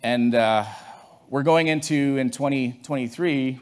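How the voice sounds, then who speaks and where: A man's voice: medium pitch, unhurried. A man from Canada giving a conversational, storytelling talk to a conference audience in a room, with frequent restarts. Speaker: conference speaker.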